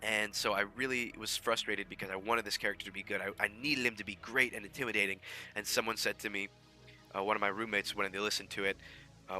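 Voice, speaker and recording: A man's voice: lowish voice, steady tone, fast, pushed and bright, faint music behind. A man casually explaining how he made his fan audio drama, rambling with many fillers and restarts. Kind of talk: casual behind-the-scenes talk.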